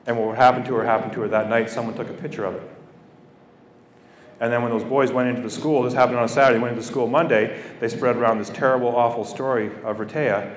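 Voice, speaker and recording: A medium-pitched, steady-toned man, middle-aged and Canadian, speaks fast as a guest speaker giving students a heartfelt address. He repeats phrases to add weight, and the recording is distant and echoey, from a school hall or gym.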